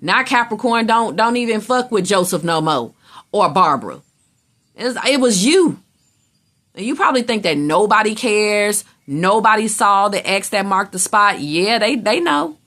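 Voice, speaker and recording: A woman's voice: medium pitch, expressive, normal speed, a bit bright. A woman giving a casual tarot reading in a blunt, emphatic way, swearing freely and acting out how other people react. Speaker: tarot reader.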